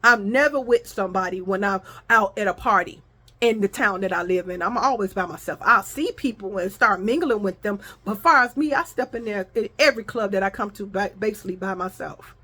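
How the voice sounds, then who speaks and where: A woman's voice: medium pitch, fairly quick, sharp tone. A woman vlogger telling a story to her viewers in a casual, profane style, acting out the arguments she quotes.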